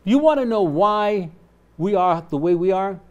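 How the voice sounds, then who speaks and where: An older man talks as a guest in a television studio, and his fairly high voice swings widely in pitch. He presses his points emphatically and urges listeners directly. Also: expressive, measured pace, muffled recording. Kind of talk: passionate conversation.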